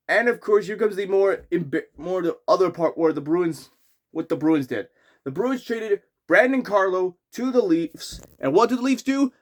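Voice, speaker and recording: Higher-voiced guy, fan vlogger, exasperated sarcastic rant, rambling restarts. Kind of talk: ranting fan commentary.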